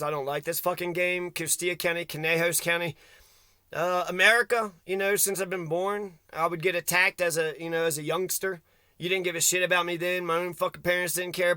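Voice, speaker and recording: A man from Kentucky vents in an agitated, profanity-laced rant, jumping from thought to thought. His voice sits high and sounds sharp and tense. The sound is dry and close, with little room around it. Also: clear, resonant tone, no echo. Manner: agitated, swearing constantly, rambling. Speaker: vlogger. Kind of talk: angry profane rant to camera.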